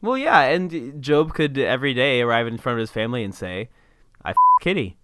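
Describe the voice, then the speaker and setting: Man, podcast co-host, casual chat, animated pitch, clear voice, dry. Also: no room sound. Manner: quick interjections, laughs along. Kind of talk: casual chat recapping a sitcom episode.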